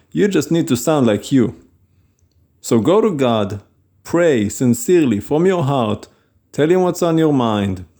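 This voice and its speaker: A man's voice: mid-range voice, warm tone. A man preaching an informal sermon in an earnest, plain-spoken, conversational way.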